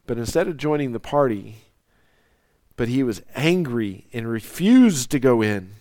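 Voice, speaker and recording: A man preaching a sermon, swinging from loud, soaring lines down to near whispers. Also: medium pitch, very animated, unhurried, no room sound. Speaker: pastor.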